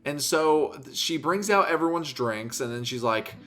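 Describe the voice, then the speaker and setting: A man's voice: on the high side, lively intonation, normal speed, a bit bright, faint music behind. A young man co-hosting a casual podcast, telling a story animatedly, swearing freely and mimicking other people's voices. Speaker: podcast co-host.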